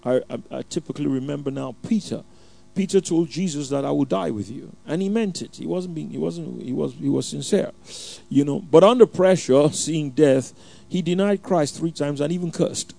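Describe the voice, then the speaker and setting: A man preaching a sermon in a church, opening with a measured, fervent prayer and then teaching with frequent restarts and fillers. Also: a little high, creaky, dark tone, no echo.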